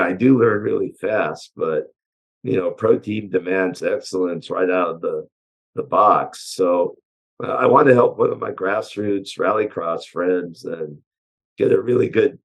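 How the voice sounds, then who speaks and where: A man with a hoarse voice from allergies, a chassis engineer guest answering interview questions in a relaxed way, with many pauses and "uh"s. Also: on the low side. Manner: relaxed, hesitant with frequent "uh" and "um". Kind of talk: casual technical interview answers.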